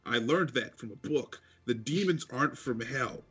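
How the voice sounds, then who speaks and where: A man playing a tabletop role-playing game, blunt and jokey, rambling as he talks. His voice is husky and a bit breathy. The audio is slightly dull. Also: mid-range voice, lively intonation, moderate pace, a bit bright, faint music behind. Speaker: player. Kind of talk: tabletop role-play chat.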